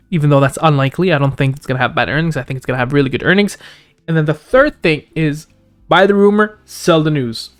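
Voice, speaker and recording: Rattling off numbers and indicator names, a stock-channel host talks through price levels on a shared chart. His slightly bright voice is going hoarse as he loses it, and his pitch leaps upward at the important points.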